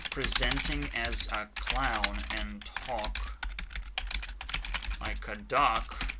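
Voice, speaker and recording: A man's voice: medium pitch, bright, forceful tone, a little hiss or hum. A man rambling in a profane, erratic monologue, his volume swinging up and down as he rants. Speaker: vlogger.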